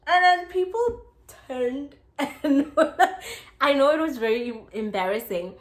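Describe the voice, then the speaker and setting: Young South African woman, highish voice, chatty storyteller full of fillers, roomy echo. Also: unhurried. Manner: chatty and expressive, frequent "like" fillers and laughter. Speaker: YouTuber. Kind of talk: casual storytime. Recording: echoey room.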